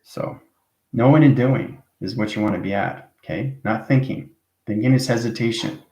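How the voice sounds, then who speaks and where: A man's voice: mid-range voice, moderate pace, warm tone. A man giving spiritual advice to viewers, coaxing them along with "okay?" and "right?" and repeating phrases for emphasis. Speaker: spiritual vlogger. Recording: echoey room.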